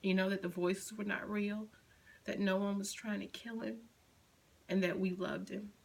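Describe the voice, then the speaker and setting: A middle-aged mother slowly recounting a painful personal story, at times softly quoting her son. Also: medium pitch, level tone, gravelly, husky, poor audio. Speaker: grieving mother. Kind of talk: personal testimony.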